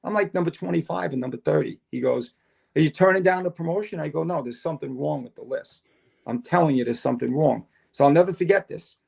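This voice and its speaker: A man's voice: on the high side, fast talker, gravelly, husky. An older man, a podcast guest telling long stories and acting out the conversations in them. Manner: animated storyteller, acts out dialogue. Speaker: podcast guest, retired fire chief. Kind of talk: casual storytelling interview.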